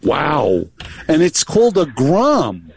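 A man co-hosting a casual chat, chiming in with quick reactions and short jokes. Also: a little high, huge pitch swings, vocal fry, a little mellow, husky. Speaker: co-host.

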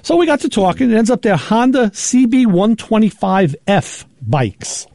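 A man hosting a show, telling rambling, animated stories in casual chat and acting out what people said. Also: high-pitched, normal speed, gravelly, dry recording, studio quality. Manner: rambling, animated anecdotes with acted-out quotes. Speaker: show host.

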